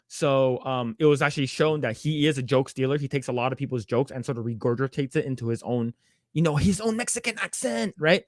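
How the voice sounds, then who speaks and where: A man co-hosting a podcast, retelling stories in casual chat with lots of fillers and quick put-on voices. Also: medium pitch, steady tone, no echo, studio quality. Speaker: podcast co-host.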